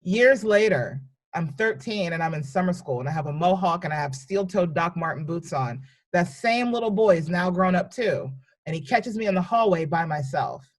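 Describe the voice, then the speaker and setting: A woman comedian from New York and Virginia, casually telling lively stories on a podcast and acting out the people in them. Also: fairly low pitch, normal speed. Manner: animated, acts out voices in anecdotes. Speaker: comedian guest.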